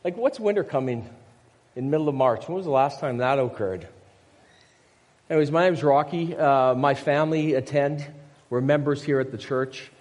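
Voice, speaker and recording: A man's voice: medium pitch, moderate pace, darkish tone. An older man, a pastor, preaching a conversational sermon full of personal stories and rhetorical questions. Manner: storytelling with asides and rhetorical questions. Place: church sanctuary. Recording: long reverb of a church hall.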